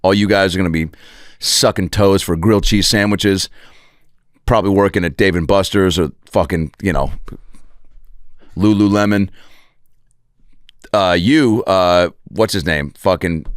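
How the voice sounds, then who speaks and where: A man's voice: deep voice, moderate pace, long pauses, no echo. A male comedian hosting a podcast, telling a profane, rambling comic story in a podcast studio. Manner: profane, digressive, animated. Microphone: podcast studio microphone.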